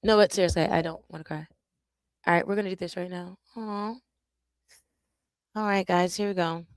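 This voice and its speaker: A woman content creator chatting casually and jokingly to her viewers on a live stream, animated and self-interrupting. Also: lowish voice, brisk, smooth, no room sound.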